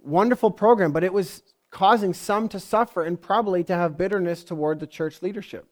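Guy pastor giving a sermon, kinda high voice, chatty, keeps asking the room stuff. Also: brisk. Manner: conversational, asks the congregation questions.

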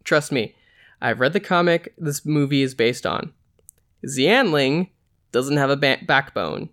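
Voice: medium pitch, a little slow, fairly bright tone. Teasing young male musician, dry and jokey, read plainly by the host.

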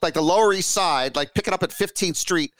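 A man's voice: sits high, brisk, a bit bright, dry recording. A man from Washington, D.C., co-hosting a podcast, rambling through jokey asides in casual banter. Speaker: podcast co-host.

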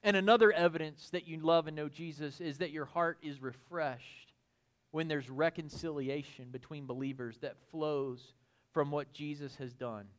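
Male pastor, high-pitched, animated folksy preaching. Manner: animated, builds to excited shouts, folksy asides. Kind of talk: expository sermon.

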